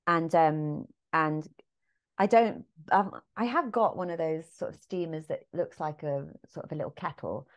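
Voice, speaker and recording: Speaking in a deep, unhurried voice, this English musical theatre actress chats casually as a podcast guest. She tells lively stories and performs the lines she repeats.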